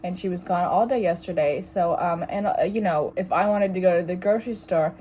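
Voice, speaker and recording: A raspy, hoarse young woman just over an illness, rambling sarcastically in a casual vlog filmed in her bedroom. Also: lowish voice, fairly quick, warm tone, a little hiss or hum. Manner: rambling, sarcastic, easily sidetracked. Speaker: vlogger. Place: small bedroom at home.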